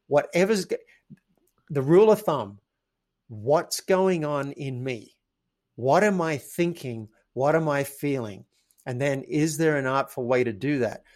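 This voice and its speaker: A man's voice: mid-range voice, expressive, a little slow, darkish tone. A man, a podcast guest who tells stories animatedly and acts out his own quoted thoughts. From Australia. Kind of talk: casual interview chat.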